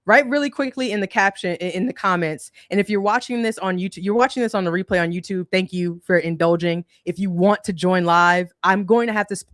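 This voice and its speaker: A woman's voice: on the low side, no echo. Casual woman livestream host, dry close sound. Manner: conversational, colloquial, laughs often.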